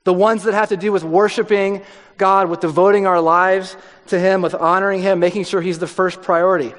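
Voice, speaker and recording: A man preaching a sermon in a conversational way, dropping his voice low for emphasis. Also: flat delivery, fairly quick. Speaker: pastor. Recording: long hall reverb.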